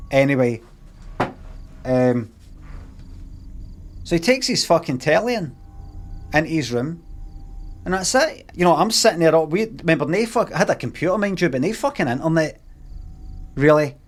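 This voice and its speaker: A man's voice: on the high side, expressive, moderate pace, long pauses. A Scottish man on a live stream telling a rambling, heavily sweary anecdote in a casual way.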